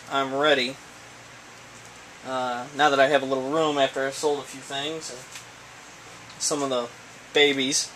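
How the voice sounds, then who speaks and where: Guy unboxing stuff, kinda stammery and rambly, mid pitch, faint hum behind. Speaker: snake breeder vlogger. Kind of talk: casual unboxing chat.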